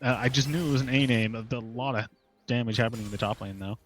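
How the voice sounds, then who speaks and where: A man of middle pitch gives color commentary on an esports match. Faint music sits behind his voice as he explains plays in a relaxed, chatty way. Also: fast, rough recording. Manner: conversational analysis with light laughs and filler. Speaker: esports caster.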